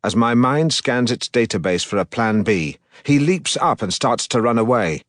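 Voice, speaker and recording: A man reading an audiobook as a pompous, self-regarding middle-aged broadcaster, in a deadpan, self-important manner. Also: medium pitch, moderate pace, dry recording, clean studio sound, close to an everyday voice. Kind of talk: audiobook narration.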